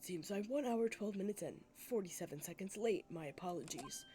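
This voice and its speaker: A woman voicing a stern, imposing older male chief justice in a video game, speaking slowly and formally. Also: medium pitch, animated, mellow, a little hiss or hum, natural voice. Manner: slow, formal and grave.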